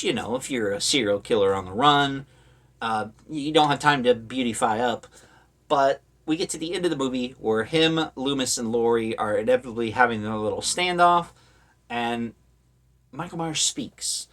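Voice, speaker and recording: A man's voice: medium pitch, expressive, normal speed, a bit bright. Male horror vlogger, mid-range voice, casual rambling commentary, sarcastic. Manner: rambling, with many fillers and sarcastic asides.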